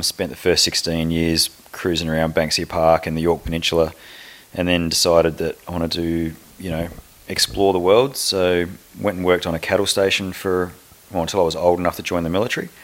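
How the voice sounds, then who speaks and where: Middle-aged Australian army officer, deep low voice, easygoing matter-of-fact interview guest. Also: male voice. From South Australia. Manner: relaxed, matter-of-fact storytelling. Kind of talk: podcast interview.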